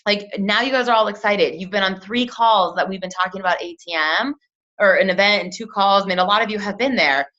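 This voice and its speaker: A woman's voice: medium pitch, fairly quick. A young woman coaching her sales team in a casual talk, chatty and full of "like", often acting out quotes. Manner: chatty, lots of "like", acts out quotes in lively voices. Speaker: team leader training a sales team. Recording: dull lo-fi sound.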